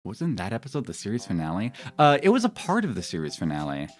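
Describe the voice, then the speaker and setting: A man in his thirties chatting casually with his stream viewers in a rambling, animated way, often breaking into laughter. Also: lowish voice, fast. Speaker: live streamer.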